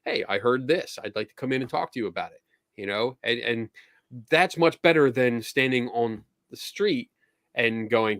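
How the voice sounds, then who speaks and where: A man's voice: mid-range voice, moderate pace, fairly bright tone, no room sound, studio quality. A man hosting a podcast, chatting casually and telling stories, acting out quoted exchanges along the way. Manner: easygoing storyteller, acts out quoted exchanges. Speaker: podcast host. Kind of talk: casual conversational chat.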